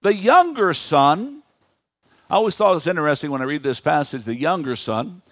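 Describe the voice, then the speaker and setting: A man in his fifties preaching a sermon in a church, animated, asking the congregation questions. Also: on the high side, quick pace, dry recording. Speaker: pastor.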